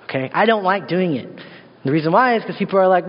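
A worship pastor gives a sermon in a church sanctuary, his voice sitting high for a man. He tells the story with animated, playful asides. The sound is dull, with a long hall reverb trailing behind. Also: quick pace.

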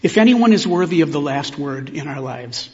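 Reflective pastor preaching in a reverberant church. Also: male voice, a little high, animated, a little mellow. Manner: measured and reflective, with pauses. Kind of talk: sermon. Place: church sanctuary. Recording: long hall reverb, dull sound.

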